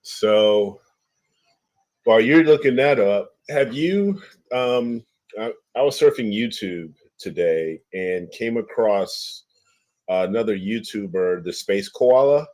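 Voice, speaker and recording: Slow, low-voiced man co-hosting. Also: animated, darkish tone. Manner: slow, halting, searching for words. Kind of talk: casual chat on a livestream.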